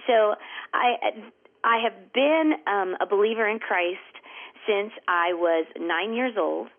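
A woman's voice: mid-range voice, takes it slowly. A woman, talking earnestly and chattily as a guest author in an interview. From Southern United States (Georgia). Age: 50s. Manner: earnest, chatty, laughs easily. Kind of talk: conversational interview. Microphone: telephone. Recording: tinny phone line.

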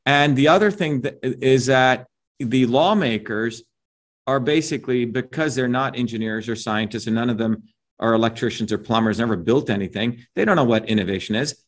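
A man's voice: medium pitch, moderate pace. A middle-aged man giving an interview as a guest, talking in an emphatic, lecturing way and often checking in with "right?" and "you see?". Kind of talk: animated opinionated interview talk.

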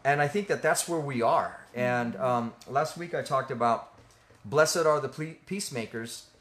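A man of middling pitch co-hosts a faith discussion in an earnest, conversational teaching style. He speaks haltingly, with frequent fillers, repeated words and restarts. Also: a bit bright. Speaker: ministry co-host.

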